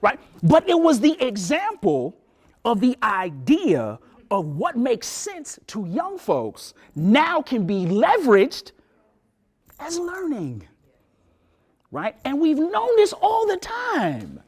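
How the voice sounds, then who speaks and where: Male professor, late 40s, lecture with storytelling; animated, very lively intonation. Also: very high voice, takes it slowly, husky. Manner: animated storyteller, acts out voices, laughs. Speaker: professor giving a talk.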